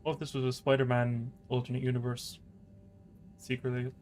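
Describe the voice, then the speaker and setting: A man's voice: medium pitch, completely flat delivery, fairly quick, a little mellow, faint music behind. Joking male let's-play host. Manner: joking, laughs often, rambling tangents. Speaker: gaming channel host. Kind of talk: casual let's-play commentary.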